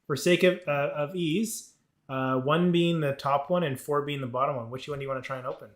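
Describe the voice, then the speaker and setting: A man narrating as game master of a tabletop game, halting often with fillers and restarts. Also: fairly high pitch, fairly even intonation, roomy sound, slight background noise.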